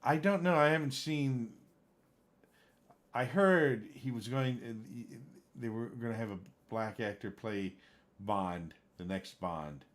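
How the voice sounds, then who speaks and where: Chatting casually with viewers on his game livestream, a man rambles, searches for names, and sometimes gets worked up. He speaks slowly in a mid-range voice.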